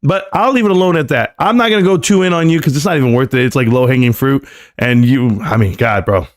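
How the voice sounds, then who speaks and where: A man's voice: mid-range voice, quick pace. A man hosting a live stream, ranting in a combative, sarcastic and mocking way.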